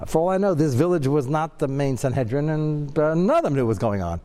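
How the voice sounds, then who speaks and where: A man giving a Torah class lecture, animated, jumping to a high pitch when he acts out quoted lines. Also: fast talker, in a large hall. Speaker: Torah teacher.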